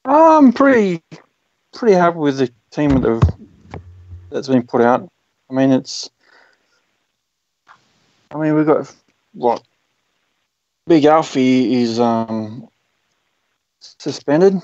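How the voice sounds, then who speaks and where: A man calling into a radio phone-in, hesitant and halting. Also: mid-range voice, big pitch swings, a little mellow, no echo. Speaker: caller. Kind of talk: casual phone-in chat. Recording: dry muffled phone line.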